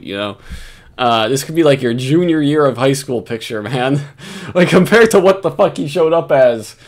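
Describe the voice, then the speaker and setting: Rambling sarcastic male commentator. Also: medium pitch. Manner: rambling, laughing, sarcastic, lots of restarts. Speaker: video commentator. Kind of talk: casual profane commentary.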